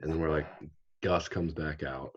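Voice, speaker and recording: A man's voice: very deep voice, fairly even intonation, moderate pace, husky, highs cut off. A young man telling a rambling story in a laid-back way, full of fillers, as a podcast guest. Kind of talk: casual storytelling chat.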